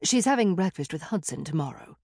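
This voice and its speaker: Frau liest eine spöttische junge Freundin. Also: female voice, deep voice, big pitch swings, a little fast, gravelly, darkish tone, slightly rough, dry recording, heavily acted. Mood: wry. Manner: wry, dry humor. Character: young woman friend, wry and teasing.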